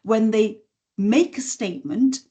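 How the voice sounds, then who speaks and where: A woman, a voice and communication skills trainer, explaining communication habits in a podcast interview in a measured, instructive way. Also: on the high side, lively intonation, dark tone. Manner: measured, instructive, demonstrates intonation examples.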